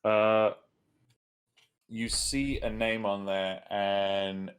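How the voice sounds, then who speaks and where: Slow, low-voiced male game master. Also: level tone, clean tone. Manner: hesitant, many ums and uhs. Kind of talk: narrating a tabletop game.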